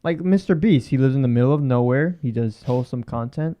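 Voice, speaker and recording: A man's voice: medium pitch, a little fast, warm tone. A man in his twenties co-hosting a podcast in casual chat, laid-back, laughing often and leaning on "like.". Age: 20s. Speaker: podcast co-host.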